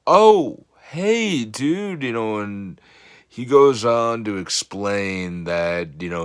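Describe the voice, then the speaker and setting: Deep voiced fitness guy giving a pep talk, slow and earnest, lots of you know. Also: smooth. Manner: earnest, rambling, many 'you know' fillers. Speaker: fitness coach. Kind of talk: motivational talk to camera.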